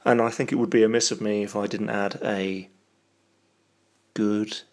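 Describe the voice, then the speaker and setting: A man's voice: fairly low pitch, steady tone, a little fast. A young man reading a word list for a challenge, drawing words out, some of them half-whispered. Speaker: vlogger.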